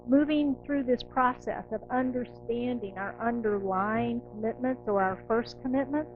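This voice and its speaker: A middle-aged woman minister giving a conversational, animated sermon, acting out inner voices. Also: a little high, moderate pace, phone-quality sound, soft background music. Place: church sanctuary.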